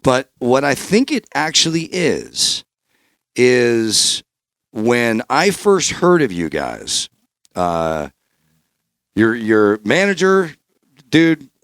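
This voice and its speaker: A man from Northern California hosting a casual podcast interview, animated and profane, with rambling restarts. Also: medium pitch, slow, dry recording, clean studio sound. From Bay Area, Northern California. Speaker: podcast host.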